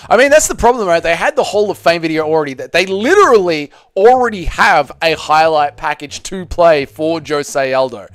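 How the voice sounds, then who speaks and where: A man hosting a live fight watch party, giving blunt, excitable casual commentary, swearing freely and reading chat. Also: fairly high pitch, normal speed, hardly any pauses, clean tone, no room sound, studio quality.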